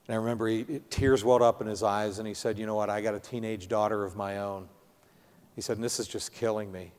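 A middle-aged man preaching a sermon testimony in an earnest, halting storytelling manner, speaking directly to his audience. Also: fairly low pitch, steady tone, a little mellow. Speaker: preacher sharing a personal testimony. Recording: long hall reverb.

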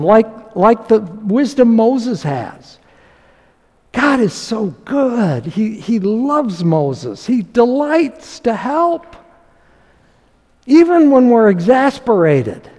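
A man's voice: extremely high pitch, sing-song, takes it slowly, a little mellow, long reverb tail. A man preaching a sermon as pastor, reading scripture dramatically and talking animatedly with chuckles.

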